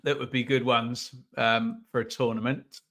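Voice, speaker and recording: A man's voice: medium pitch, level tone, moderate pace, fairly bright tone. A man running a live football watch-along, chatting casually about the match and reading out viewer comments.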